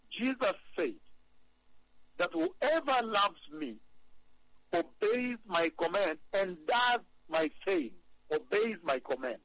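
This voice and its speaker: A man preaching a sermon, emphatic and repetitive, reading scripture slowly. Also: sits high, a bit bright, highs cut off. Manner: emphatic, repeats phrases, reads scripture slowly.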